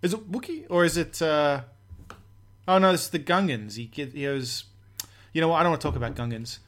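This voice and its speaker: A man's voice: on the high side, a little fast, a bit bright. A man co-hosting a casual podcast, joking, laughing often and trailing off in hesitations. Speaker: podcast co-host. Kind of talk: casual chat.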